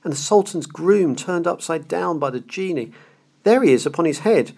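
A man voicing an old male miser who exclaims in a high, breathless way, thrilled by childhood memories. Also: expressive, moderate pace, gravelly, a little mellow. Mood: ecstatic.

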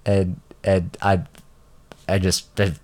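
A man's voice: low voice, flat delivery, slow pace, a little mellow. A man telling a rambling story in casual chat, stammering and repeating words, his voice jumping up when he gets indignant. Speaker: traveler telling an airport story.

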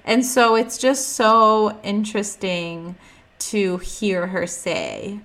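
A young woman hosting a podcast, talking candidly in a casual monologue with lots of "like", getting animated when she quotes others. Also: mid-range voice, slow pace. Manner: candid and chatty, heavy use of "like", animated when quoting others. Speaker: podcast host.

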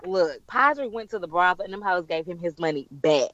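A man's voice: sits high, animated, fairly quick, pushed and bright, dry recording, muffled recording. A man in casual chat, throwing in jokes and laughing as he talks. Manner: laughing, joking interjections. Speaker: podcast co-host.

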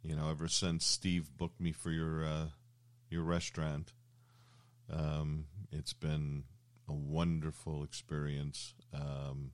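A man's voice: rumbling low, completely flat delivery, slow pace, smooth. An older man hosting a casual interview, telling rambling anecdotes with plenty of fillers and restarts. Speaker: show host.

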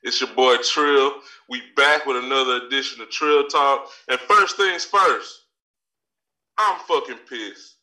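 A man's voice: mid-range voice, measured pace, pushed and bright, far from the mic. A man playing a brash, profane talk-show persona who boasts, threatens and laughs between his lines. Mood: cocky. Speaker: podcast segment host in character.

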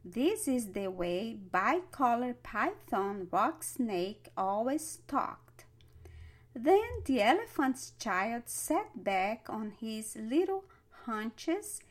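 Woman storyteller, very slow, lively melody, classic children's tale. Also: on the high side. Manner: slow, expressive read-aloud. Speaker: narrator. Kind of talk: storybook reading.

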